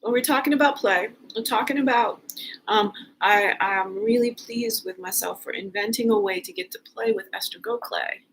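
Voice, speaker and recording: A woman delivering a rambling solo video monologue as a posture and movement educator. She is excitable and often trails off into hushed asides. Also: mid-range voice, moderate pace, slight background noise, poor audio.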